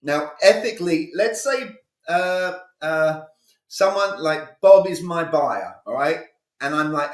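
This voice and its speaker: A man's voice: fairly high pitch, lively intonation, a little slow, reverberant. A male communication coach giving a live online sales training, talking energetically and with emphasis, acting out sales dialogues.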